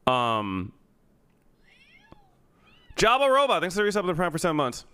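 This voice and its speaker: A man's voice: sits high, huge pitch swings, moderate pace, pushed and bright, smooth, dry recording. A man streaming live in casual chat, swearing and thanking a subscriber along the way.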